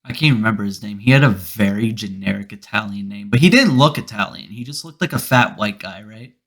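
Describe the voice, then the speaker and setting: A man's voice: fairly low pitch, brisk, a bit bright. A man hosting a casual comedy podcast, rambling through stories and mock-serious rants with plenty of swearing. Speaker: podcast host. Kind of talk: casual chat.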